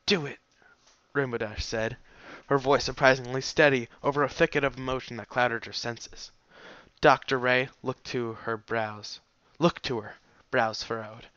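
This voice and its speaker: A man narrates a fan fiction story in a steady, measured way. His voice is bright and forceful, captured dry and close. The sound is dull and lo-fi. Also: medium pitch, no room sound. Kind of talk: audiobook reading of fan fiction.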